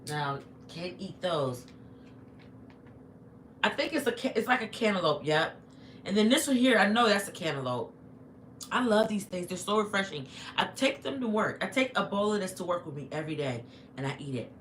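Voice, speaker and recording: Woman, middle-aged, bright voice, casual livestream chat, echoey room, faint hiss. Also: medium pitch, big pitch swings, moderate pace. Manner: chatty, talks to chat while eating. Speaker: livestream vlogger. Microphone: phone.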